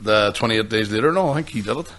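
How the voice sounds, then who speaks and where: A man's voice: fairly low pitch, expressive, fast talker, a bit bright. A man, co-hosting a podcast and telling stories in casual, sweary chat, often laughing. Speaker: podcast co-host.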